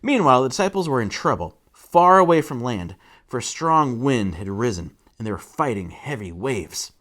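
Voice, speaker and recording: A man's voice: medium pitch, big pitch swings, normal speed, a bit bright. A man giving a casual Bible teaching sermon. He asks rhetorical questions and acts out the quotes. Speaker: church teacher.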